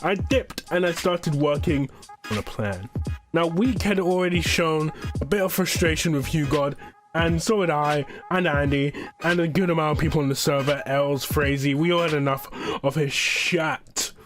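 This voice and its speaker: A young man narrates a storytime video in a loose, rambling way, cursing casually and stumbling over words. His voice sits a bit high. Music plays clearly under the voice-over. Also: moderate pace. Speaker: YouTuber.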